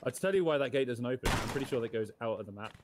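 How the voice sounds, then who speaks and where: A man's voice: medium pitch, expressive, very fast, heavy background noise. A man playing a game with a friend, chatty and keen to explain gun and tech trivia. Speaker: co-player. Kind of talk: casual gameplay chat.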